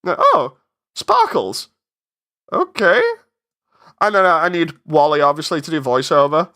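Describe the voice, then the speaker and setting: A man's voice: on the high side, normal speed, pushed and bright. A man chatting casually on a live stream while working on his animation, rambling, interrupting himself and getting exasperated.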